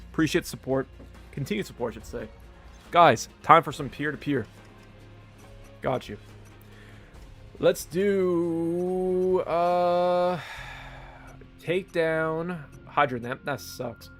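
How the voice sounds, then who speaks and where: A man's voice: on the high side, fairly bright tone. A man live-streaming games, chatting casually with viewers and laughing often. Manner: laid-back, laughs often, chats with viewers.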